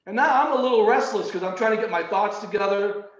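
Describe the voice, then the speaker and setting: High-voiced man telling a story. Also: fast. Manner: animated, repeats words, acts out quotes. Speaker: meeting participant. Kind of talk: casual storytelling. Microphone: video call. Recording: roomy, muffled video call audio.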